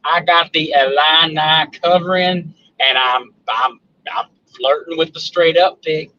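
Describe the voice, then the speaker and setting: A Southern-accented man calls in to a live show, ribbing the host in a folksy, teasing drawl. His voice sits a bit high and comes through a dull, lo-fi line. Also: fairly even intonation, measured pace, bright, forceful tone, no echo. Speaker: caller. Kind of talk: casual call-in banter.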